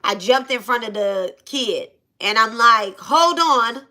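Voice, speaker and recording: Animated Black woman telling a story. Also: fairly high pitch, measured pace. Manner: animated, repeats phrases, swears freely. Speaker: channel host. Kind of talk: casual storytime.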